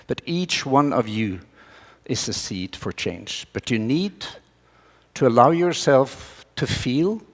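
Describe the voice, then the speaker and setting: A man's voice: medium pitch, animated, slow pace. Norwegian man speaking in a reverberant hall. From Norway. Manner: earnest, rousing, with wry jokes. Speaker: speaker giving a talk to students. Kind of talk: presented talk with slides.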